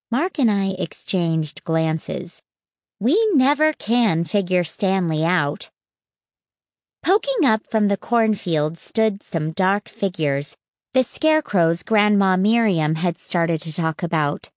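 Woman reading a storybook aloud, slow and steady, dry close mic. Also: fairly low pitch, no room sound. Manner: steady first-person telling. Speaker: audiobook narrator. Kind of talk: storybook narration.

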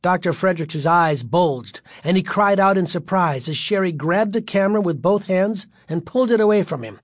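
An audiobook narrator reading a spooky story with suspense and vivid pacing. The voice sits at a middle pitch, and the recording is close and dry, with no room sound. The reader keeps the tension up from line to line. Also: lively intonation, normal speed, dry recording.

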